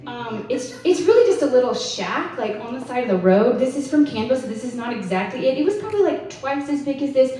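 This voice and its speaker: A woman's voice: high voice, sing-song, fairly quick, few pauses, dark tone. Chatty woman in an echoey hall. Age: 30s. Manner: chatty storyteller, lots of "like". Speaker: conference speaker. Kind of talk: storytelling conference talk. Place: conference hall. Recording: echoey hall, voice from far off, faint hiss.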